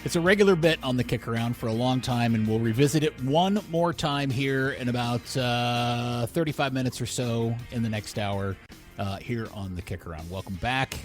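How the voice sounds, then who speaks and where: A man's voice: mid-range voice, normal speed, soft background music. A man co-hosting a casual podcast chat, rambling and correcting himself, laughing often. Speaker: podcast co-host.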